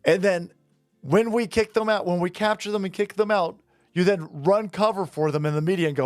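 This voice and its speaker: A man's voice: high voice, a little fast, no room sound, soft background music. A man ranting sarcastically and indignantly in a commentary vlog, with frequent swearing. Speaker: political commentator.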